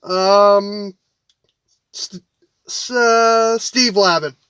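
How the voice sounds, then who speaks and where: A man co-hosting a casual sports podcast, blunt and quick to argue. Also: high-pitched, steady tone, fairly bright tone, smooth, no echo. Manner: blunt, argumentative. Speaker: podcast co-host.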